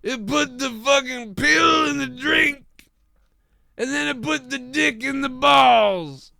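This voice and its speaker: A man putting on a high, squeaky, drawn-out shouting voice to mock someone crudely. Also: vocal fry, heavily acted.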